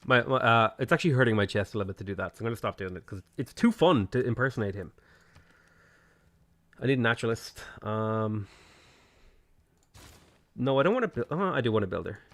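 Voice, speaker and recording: Chatty male game streamer, lively pitch. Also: a little fast, pauses often. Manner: chatty, rambling, answers chat questions. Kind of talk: casual gameplay commentary.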